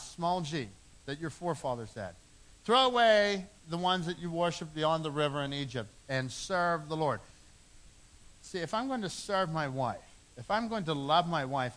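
A man's voice: on the high side, bright, forceful tone. A middle-aged man preaching a sermon, earnest, repeating phrases for emphasis. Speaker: pastor.

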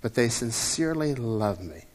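A man's voice: medium pitch, big pitch swings, moderate pace, big-room sound. A man in his fifties preaching a sermon as a pastor, in a conversational way that often repeats and restarts words. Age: 50s.

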